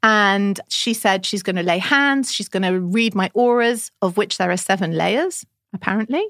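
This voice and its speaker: A woman's voice: medium pitch, normal speed, no echo. Woman telling a story, dry close mic. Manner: animated storyteller quoting others. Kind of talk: casual chat, storytelling.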